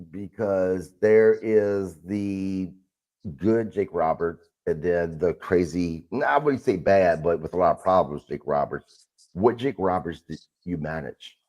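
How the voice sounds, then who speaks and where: A man hosting a podcast, asking loose, rambling questions in a casual interview. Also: sits low. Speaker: podcast host.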